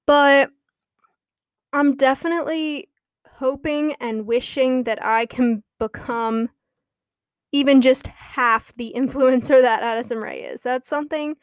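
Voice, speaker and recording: A woman's voice: sits high, measured pace, smooth, dry recording, studio quality. A young woman hosting her own podcast, chatting casually and gossiping, often laughing as she talks. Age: young adult. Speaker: podcast host. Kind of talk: casual chat.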